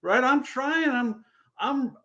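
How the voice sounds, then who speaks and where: A man with a high voice makes blunt, emphatic points in casual panel talk and often repeats himself. His voice comes through a video call with a dull, lo-fi sound. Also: lively intonation, slow pace, bright, forceful tone. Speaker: game master panelist.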